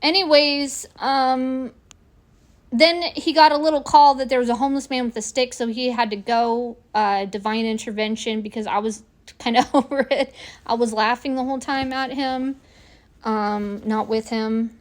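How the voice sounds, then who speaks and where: A woman's voice: fairly high pitch, normal speed. A woman in her forties telling a personal story straight to camera in a casual, indignant way, acting out what people said. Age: 40s. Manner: animated, indignant, acts out quoted lines. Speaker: vlogger.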